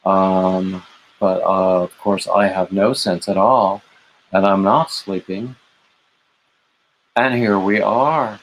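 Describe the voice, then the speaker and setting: Slow-talking man chatting on a late-night livestream. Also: sits low, steady tone, poor audio. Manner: rambling, warm greetings to chat viewers by name; gushing, emotional asides. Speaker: livestream host.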